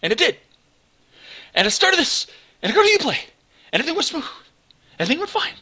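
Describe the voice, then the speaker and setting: A let's play host ranting about getting a game to run, swearing freely and mocking the software in put-on voices. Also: sits high, sing-song, fast. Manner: exasperated, profane storytelling with mocking voices. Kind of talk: ranting gameplay commentary.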